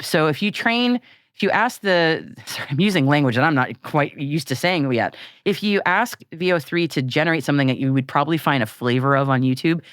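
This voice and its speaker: A lively woman co-hosting a podcast, talking in a casual, animated way with plenty of laughter and quick restarts. Her pitch swings up and down freely as she talks. The recording is close and dry, with no room sound. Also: no room sound. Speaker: podcast co-host. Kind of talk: casual chat.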